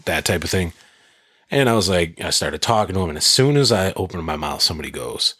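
A man with a very low, husky voice recounts his experiences in a relaxed chat, swearing freely and building the story with energy. The sound is dry and close, with no room around it. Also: brisk, no room sound. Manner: profane, animated storyteller. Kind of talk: casual chat.

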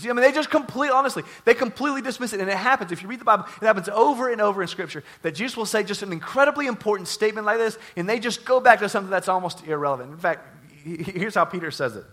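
Man, pastor, casual sermon, jokey and animated, bright tone. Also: high voice, rapid-fire, hardly any pauses. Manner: animated, jokey, acts out quotes.

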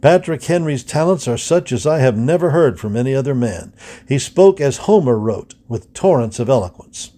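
A man's voice: medium pitch, animated, moderate pace, mellow, lightly acted. A man voicing an admiring young law student quoting his own written praise.

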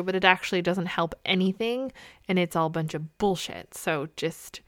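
A woman's voice: fairly low pitch, no echo. A woman in her thirties hosting a solo podcast, talking candidly and with exasperation and swearing casually. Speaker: podcast host.

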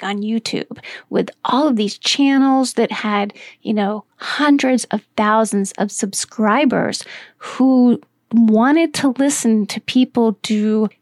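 A woman's voice: a little high, darkish tone, no echo, clean studio sound. A middle-aged woman hosting a podcast, telling a personal story and explaining in a chatty, casual way with plenty of fillers. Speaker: podcast host.

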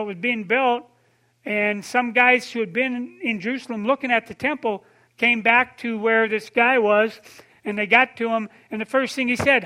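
A man delivers a sermon in a chatty, storytelling way, calling on listeners and asking them questions. His voice sits very high and sounds bright and forceful. At tender moments he drops to a soft, low tone. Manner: conversational preaching, addresses listeners by name, asks questions. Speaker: pastor.

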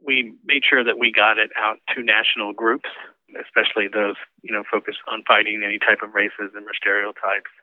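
Dude remembering old campaign stuff on a phone call, flat low voice, uh's and you knows. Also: male voice, fairly quick, no echo. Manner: conversational, with fillers. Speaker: former campaign manager. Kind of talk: interview recollection. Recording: tinny phone line.

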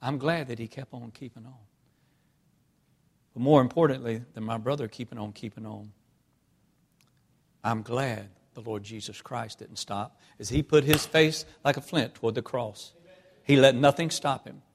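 A man preaching a sermon, telling personal stories with emotion, swinging from hushed tones to loud outbursts. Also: mid-range voice, normal speed, gravelly, pauses often, husky. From North Carolina. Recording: long hall reverb.

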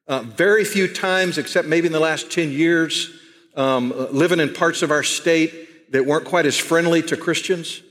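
A middle-aged man with a Texan accent preaching a sermon to his church, emphatic and repeating key phrases, slowing down to stress his points. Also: fairly high pitch, a bit bright, in a large hall. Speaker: pastor. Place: church sanctuary.

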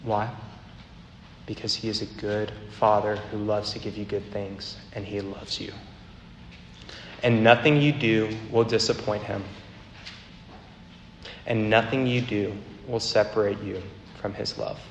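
A man preaching a sermon as a campus minister, earnest, with a repetitive cadence that slows down for emphasis. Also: on the low side, fairly even intonation, slight background noise. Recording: echoey hall, faint ambience.

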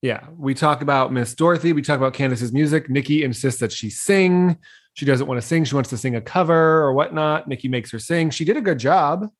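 A woman's voice: sits low, fairly quick. A woman co-hosting a podcast, recapping a reality show in a dry, dismissive, casual way with frequent laughs. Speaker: podcast co-host.

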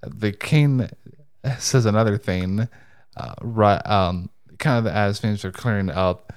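Low-voiced man in a casual podcast chat. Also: takes it slowly, smooth, no echo, studio quality. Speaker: podcast co-host. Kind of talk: casual movie review chat.

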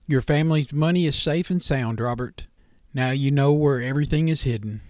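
A man's voice: medium pitch, fairly quick, darkish tone, dry recording, studio quality, natural voice. A man voicing a street-smart male memory thief who talks in a firm, urging, blunt way. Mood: satisfied.

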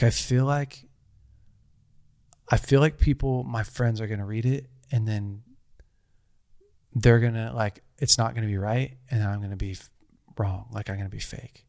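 A man's voice: fairly low pitch, vocal fry, no echo, studio quality. A man in his thirties telling a personal story in casual conversation, earnest and rambling, with frequent restarts.

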